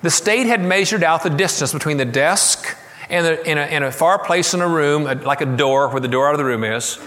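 Man preaching in an echoing hall. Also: fairly high pitch. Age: middle-aged or older. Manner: storytelling, quoting, slowing and softening for tender moments. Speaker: pastor. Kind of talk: sermon.

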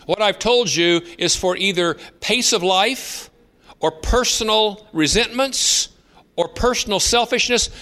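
A man's voice: high voice, pushed and bright. A man in his fifties preaching a sermon, telling stories in a conversational way with emphatic rises. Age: 50s. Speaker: pastor.

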